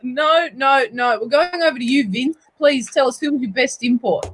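A woman's voice: high voice, normal speed, slightly rough, rough recording. A woman hosting a casual sports panel chat, teasing the panelists and laughing often. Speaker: host.

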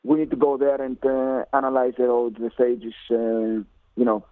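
A man's voice: mid-range voice, monotone, moderate pace, no echo. A man with a Greek accent, a cycling coach answering interview questions, hesitant with many fillers and restarts. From Greece. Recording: tinny phone-like line.

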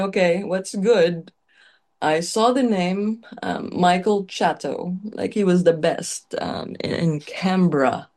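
A woman's voice: mid-range voice, darkish tone. A woman chef being interviewed, telling her story candidly and emotionally with many casual fillers. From Filipino heritage. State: tearful at times.

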